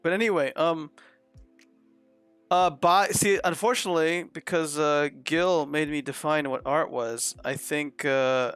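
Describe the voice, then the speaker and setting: A man's voice: a little high, fairly even intonation, unhurried, a bit bright, clear, resonant tone, no echo, faint music behind. A man co-hosting a casual online chat show, thinking aloud in a rambling way with many fillers. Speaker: co-host.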